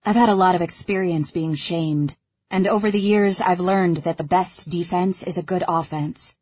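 A woman narrating an audiobook in the first person, with a husky voice and an even, measured reading. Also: on the low side, dull audio.

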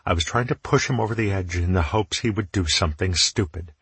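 A man narrating a first-person fantasy audiobook in steady, dramatic storytelling. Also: sits low, a little fast, few pauses, breathy edge, dry recording.

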